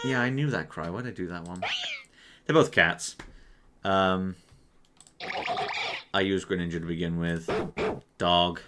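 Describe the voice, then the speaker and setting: A man's voice: low voice, unhurried, long pauses, very noisy. A young man playing a quiz at his computer, thinking aloud in casual, self-mocking commentary full of swearing. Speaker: quiz player. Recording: clear mouse clicks behind.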